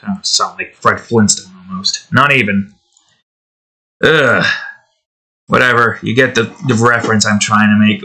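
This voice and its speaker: A young man talks his way through a drawing session at home in a loose, rambling way, drifting off into asides. His voice is bright and forceful, and the talk is full of fillers and little tangents. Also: lowish voice, fairly even intonation, unhurried, long pauses, slightly rough. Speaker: digital artist and channel host. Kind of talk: casual rambling commentary while drawing. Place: at home indoors, with his cat nearby.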